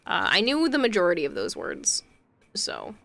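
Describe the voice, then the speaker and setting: A woman's voice: on the low side, huge pitch swings, moderate pace, creaky, fairly bright tone. A woman streaming a game, chatting casually and reading viewer messages aloud with fillers and asides. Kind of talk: casual livestream chat.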